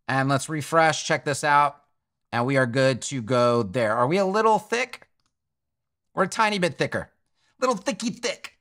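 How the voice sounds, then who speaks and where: A man's voice: fairly high pitch, pushed and bright. A man giving a screen-recorded coding tutorial, thinking aloud and correcting himself as he clicks through settings. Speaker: web development tutor.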